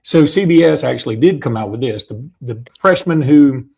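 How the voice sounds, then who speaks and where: A man's voice: mid-range voice, expressive, moderate pace, vocal fry, darkish tone, breathy edge. Joking man, podcast host. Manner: joking, rambling with fillers. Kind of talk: casual sports podcast chat.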